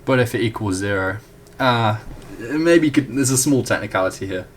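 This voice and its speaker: A young man, working as a student tutor, chats his way through a math proof at a whiteboard, correcting himself and tossing in apologies. His voice is medium in pitch and his pace moderate, with a faint hiss or hum in the recording.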